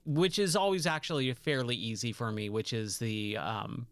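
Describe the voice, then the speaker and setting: A man's voice: mid-range voice, normal speed, a bit bright, no room sound. A man streaming a video game late at night, chatting casually and enthusiastically about the game and laughing often. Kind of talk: casual gameplay commentary.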